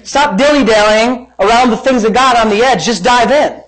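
A man's voice: extremely high pitch, normal speed, fairly bright tone, poor audio. A man pastor preaching a sermon, emphatic and repetitive, mixing playful family stories into his points.

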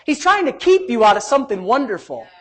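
A man preaching a sermon and telling his own story. He swings between loud, emphatic preaching and low, muttered asides, and he acts out the quoted voices. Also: big pitch swings, fast talker. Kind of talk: sermon with personal testimony.

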